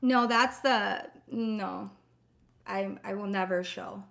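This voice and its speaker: A woman's voice: medium pitch, slow, vocal fry, fairly bright tone. Chatty woman with a Wisconsin accent. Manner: chatty, storytelling, laughs easily. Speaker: co-host of a live stream Q&A. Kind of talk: casual chat.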